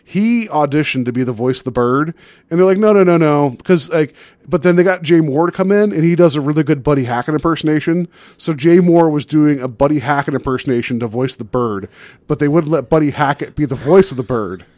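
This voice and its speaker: Joking chatty man, fairly high voice. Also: a little fast, darkish tone, no room sound. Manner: joking, rambling with many fillers. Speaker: podcast co-host. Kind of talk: casual chat.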